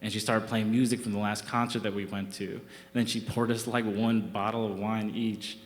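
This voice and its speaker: This young man speaks in a lowish voice with little pitch movement and at normal speed, against slight background noise. He's doing live comic personal storytelling on a theatre stage, wry and self-deprecating in a chatty way, with the theatre's roomy reverb around him.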